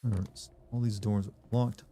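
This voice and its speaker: A man's voice: fairly low pitch, fairly even intonation, normal speed, mellow, slight background noise. A man from Michigan giving casual let's-play commentary, rambling and chatting with viewers as he plays. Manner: rambling, chats with viewers between gameplay. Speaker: gaming streamer.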